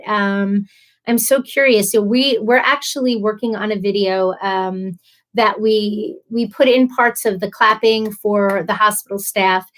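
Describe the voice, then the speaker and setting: A woman with a mid-range voice hosts a casual live stream, reading viewers' comments out loud. She's chatty and emotional, laughs often, and trips over names.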